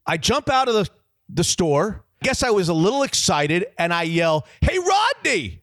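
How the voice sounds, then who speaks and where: A man in his fifties hosting a sports radio show, telling a story loudly and with lots of energy. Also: high-pitched, moderate pace, dry recording, studio quality. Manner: loud, animated storyteller. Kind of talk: casual chat and storytelling.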